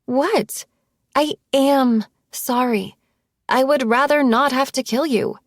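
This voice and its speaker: A woman narrator voicing a ruthless, controlling young woman with a clipped, forceful delivery and a gravelly, husky edge. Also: a little high, expressive, moderate pace, dry recording, studio quality, pitched above the performer's own voice. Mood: irritated.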